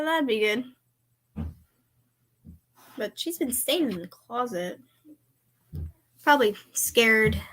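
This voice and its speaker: High, bright-voiced young woman chatting. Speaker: video reaction host and voice actor. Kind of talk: casual reaction chat.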